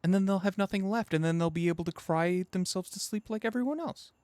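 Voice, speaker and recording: A man co-hosting a casual podcast chat with friends, explaining things at length in an animated way and laughing often. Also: sits high, quick pace, no echo. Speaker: podcast co-host.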